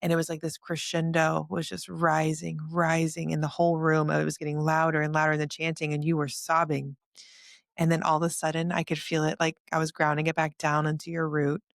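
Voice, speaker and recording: Female energy healer, chatty and animated, gravelly voice, dry close mic. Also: deep voice, brisk, no echo. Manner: animated, vivid storytelling. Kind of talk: casual podcast conversation.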